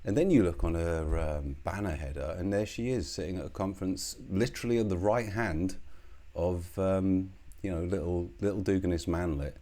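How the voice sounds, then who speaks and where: A man's voice: sits low, moderate pace, dark tone. A British man giving a solo political commentary, scornful and heated, swearing often.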